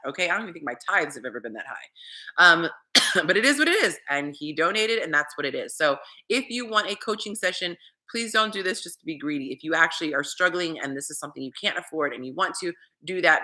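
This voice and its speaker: Lively, bright-voiced woman dating coach. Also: low voice. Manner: chatty and animated, talking straight to viewers. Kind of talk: casual livestream chat with viewers.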